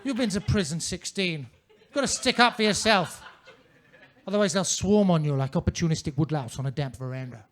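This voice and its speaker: A man's voice: on the high side, lively intonation, fairly quick. A man performing a stand-up comedy set on a comedy club stage, in a pompous manner with ornate wording.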